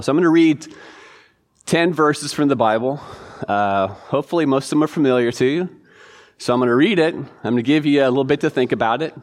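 A man teaching a church Bible class in a relaxed, informal way, reading verses and quizzing listeners. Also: mid-range voice. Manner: informal, chatty, quizzing the audience. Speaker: pastor.

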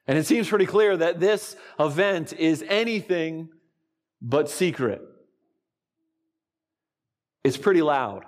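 A man preaching a sermon to his congregation, slow and deliberate, with dramatic pauses. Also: on the high side, expressive, big-room sound. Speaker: pastor.

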